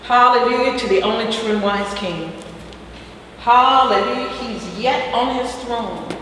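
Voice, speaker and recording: Woman, fairly high voice, churchy health teacher, chatty with fillers; distant mic in a roomy, reverberant space. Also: unhurried. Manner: warm and preachy, frequent hallelujahs and fillers. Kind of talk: casual spiritual health talk. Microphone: far from the mic. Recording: echoey distant room with faint noise.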